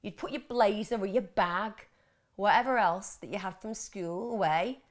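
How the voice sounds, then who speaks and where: A woman speaking at normal speed in a medium-pitched voice hosts a live Q&A on mental health. Chatty and animated, she reads out viewer questions, laughs often and mimics voices.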